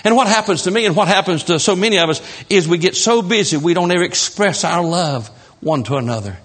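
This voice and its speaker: A man's voice: high voice, expressive, fairly quick, a bit bright. A man preaching a sermon, telling stories with emphatic repetition. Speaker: pastor.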